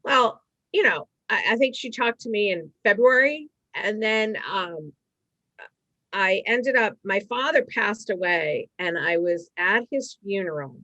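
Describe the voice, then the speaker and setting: A middle-aged woman from Massachusetts, a stand-up comedian telling rambling stories with quick asides in a casual chat. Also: medium pitch, bright, forceful tone, no room sound. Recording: dry, slightly dull sound.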